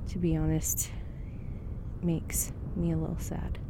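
Weary lone survivor, young woman, low gravelly voice, halting, breathing through a mask. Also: level tone, background noise. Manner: halting and hesitant, with many pauses and fillers. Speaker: narrator recording a survival log. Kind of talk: audio drama monologue.

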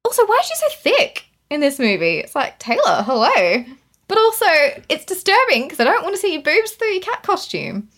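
A woman's voice: extremely high pitch, fairly quick. A woman co-hosting a podcast, ranting in a casual, incredulous way about a film. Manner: animated, incredulous, ranting with laughs. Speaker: podcast co-host. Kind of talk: casual film review chat.

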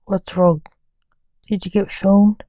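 A woman's voice: mid-range voice, little pitch movement, slow, dark tone, no room sound, close to an everyday voice. A woman voicing the king of the grim reapers, a worried father asking his son what is wrong. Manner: worried, concerned.

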